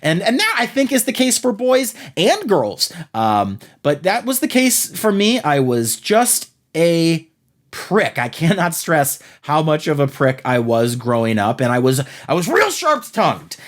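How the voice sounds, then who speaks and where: A man's voice: a little high, huge pitch swings, measured pace. A man hosting a podcast, telling a rambling, self-deprecating comic story about his own childhood. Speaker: podcast host. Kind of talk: comedic monologue.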